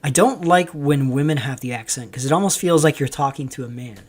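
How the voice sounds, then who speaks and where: A man's voice: mid-range voice, a little fast. A man from Canada hosting a livestream, rambling with lots of ums as he reads viewer chat aloud and answers it. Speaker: livestream host. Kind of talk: casual livestream commentary.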